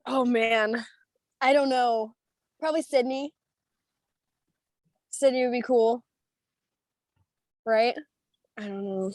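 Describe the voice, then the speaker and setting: A bubbly young woman from the United States chats on a video call in a high-ish voice, rambling through stories with plenty of "um" and "like." The sound is dry and close, with no room around it. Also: takes it slowly, pauses often, dry recording. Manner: bubbly, animated, rambling with many fillers and laughs. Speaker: singer being interviewed. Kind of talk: casual storytelling over a video call.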